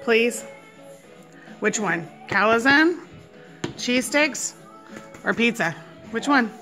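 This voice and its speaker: A young woman at home feeding her son, filmed on a phone, switching between soft murmured questions and high cheerful praise. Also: expressive, drawn-out words, faint music behind. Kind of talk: casual home video chat.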